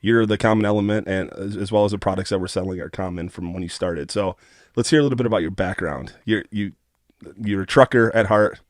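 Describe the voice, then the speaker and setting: A man with a Midwestern American accent hosting a podcast, asking questions in a relaxed, conversational way. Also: fairly low pitch, fairly quick, dry recording, studio quality. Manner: upbeat announcer delivery in the intro, relaxed conversational questions after. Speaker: podcast host. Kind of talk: scripted show intro, then casual interview.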